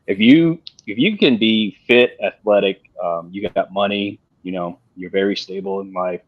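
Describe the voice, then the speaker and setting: A man talking on a panel in a casual discussion, halting and repeating himself with many fillers. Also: low voice, no room sound. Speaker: panel guest. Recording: dull dry lo-fi sound.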